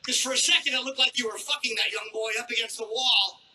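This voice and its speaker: A man doing a crude stand-up routine on a theater stage with a handheld mic, brash and mock-outraged, troubled by his throat and clearing it. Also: very high-pitched, quick pace, pushed and bright, a little hiss or hum, rough recording. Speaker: stand-up comedian. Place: theater stage before a live audience.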